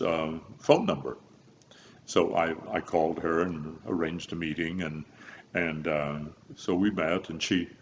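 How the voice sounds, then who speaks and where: Very deep-voiced older man reminiscing. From Kansas, USA. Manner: rambling, many fillers and restarts, frequent chuckles. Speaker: opera bass telling career stories. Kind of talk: relaxed interview storytelling. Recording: slightly dull, faint background hiss.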